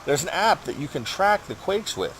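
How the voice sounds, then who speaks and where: A man's voice: on the high side, big pitch swings, moderate pace, a bit bright, a little hiss or hum. A man hosting a gaming channel, rambling through a personal update while he plays, swearing often and ranting with frustration.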